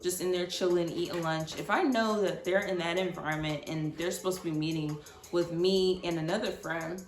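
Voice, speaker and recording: Blunt, animated young woman in an echoey room. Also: fairly low pitch, moderate pace. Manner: animated, blunt, swears freely. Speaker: vlogger. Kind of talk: casual storytime.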